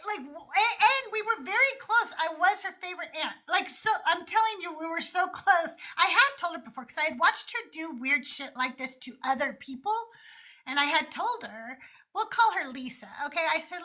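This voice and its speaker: A woman's voice: very high-pitched, normal speed. A middle-aged woman hosting a casual call-in chat, telling stories bluntly and swearing freely. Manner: candid, blunt, swearing freely, animated storytelling. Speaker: host.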